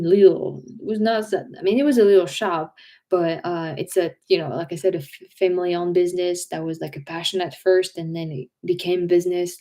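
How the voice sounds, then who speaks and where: At home, a French woman with a French accent and a lowish, mellow voice hosts a livestream, chatting casually. She rambles, restarting often and using many fillers.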